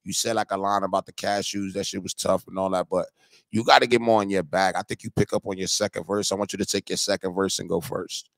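A man's voice: low voice, little pitch movement, fast talker, creaky, fairly bright tone, no room sound, clean studio sound. A young man hosting a live song review, casual and profane, getting heated and confrontational. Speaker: music reviewer.

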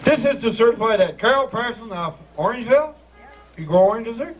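A man leading a joking ceremony, teasing and laughing as he calls people up. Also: sits high. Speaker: ceremony master. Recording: noisy crowd, distant amateur video.

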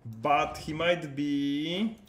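This time the card-game streamer's voice is on the high side, and he draws out his words. He chats loosely with viewers while playing live, replying to their messages, and the audio carries a roomy echo.

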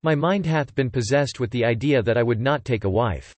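A man's voice: mid-range voice, brisk, no room sound, natural voice. A man voicing a remorseful male ascetic sage in a read-aloud epic, speaking in solemn archaic phrasing. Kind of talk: scripted epic narration.

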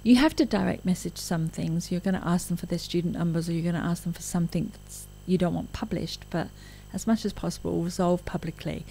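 A woman's voice: lowish voice, fairly even intonation, a little fast, vocal fry, mellow, slight background noise, rough recording. A woman giving a recorded lecture, talking frankly and conversationally with asides.

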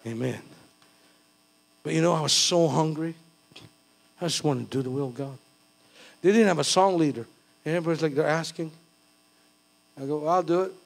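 A man's voice: on the high side, moderate pace, gravelly, pauses often. A middle-aged man from the Philippines, preaching a sermon in a conversational, self-deprecating way with bursts of fervor. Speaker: pastor.

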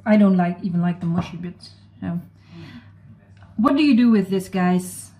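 A cooking vlogger from the Netherlands chats casually with viewers and reads out recipe steps, apologizing often. She has a Dutch accent with American-leaning English, and her voice is lowish and dark at a moderate pace.

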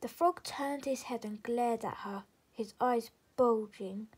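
A woman reads a children's storybook aloud, soft and gentle, often slipping into a half-whisper. Her voice sits high and has a breathy, airy texture. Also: takes it slowly, low-quality recording. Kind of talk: reading a children's book aloud.

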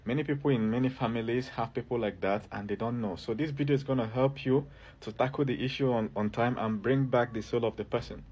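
Husky guy doing a health advice vid, super emphatic, keeps going "you see?". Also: mid-range voice, fairly quick, darkish tone, muffled recording. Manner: emphatic and repetitive, keeps asking the viewer to look and listen. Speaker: herbalist giving health advice. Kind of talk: direct-to-camera advice video.

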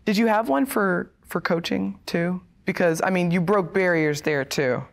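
A woman's voice: fairly low pitch, normal speed, creaky. A woman interviewing a guest, mostly giving short encouraging replies and asking follow-up questions. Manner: brief encouraging backchannels. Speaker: interviewer, team host.

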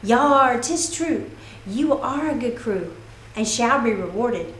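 A swaggering young pirate boy full of pirate slang, as a storyteller puts him on. He talks slowly and leans into every word. The room around him echoes, with a faint hiss underneath. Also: extremely high pitch, lively intonation, a bit bright, exaggerated voice. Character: boy playing a swashbuckling pirate, bold.

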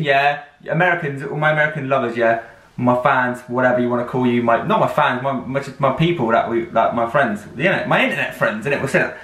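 A young man hosts a reaction video, chatting in a rambling, slangy, upbeat manner with a mid-range, slightly bright voice. This casual reaction vlog talk is picked up by a roomy, distant mic.

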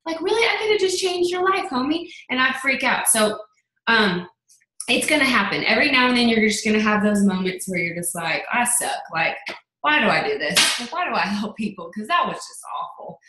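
A young adult woman giving a chatty motivational talk on a sales team call, telling stories with lively quoted asides. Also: medium pitch, moderate pace, reverberant, rough recording.

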